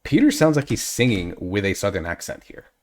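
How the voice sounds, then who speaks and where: A man's voice: fairly low pitch, sing-song, brisk, a little mellow. A man hosting a reaction video, chatting casually and analytically and drifting off on tangents.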